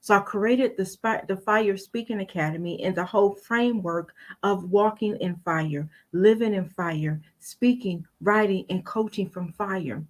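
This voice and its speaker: A woman's voice: mid-range voice, measured pace, few pauses. An older woman speaking as a summit guest in an earnest, rhetorical way. She addresses the listeners directly, stacking up questions, as she talks over a video call. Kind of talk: motivational talk.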